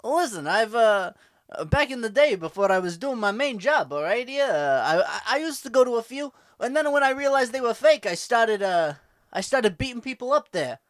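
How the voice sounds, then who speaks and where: A man's voice: very high-pitched, lively intonation, normal speed, a bit bright, no echo, studio quality. A man doing a rambling Boston-accented tough-guy impression in an improvised comedy sketch, full of fillers. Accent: Boston put-on. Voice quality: gruff wiseguy, bada bing catchphrase.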